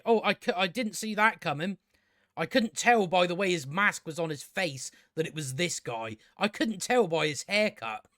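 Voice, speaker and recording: Young male reviewer, slightly high voice, rambling and sarcastic, dry close mic. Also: a bit bright, no echo. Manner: rambling, sarcastic, sweary, many restarts. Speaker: TV episode reviewer.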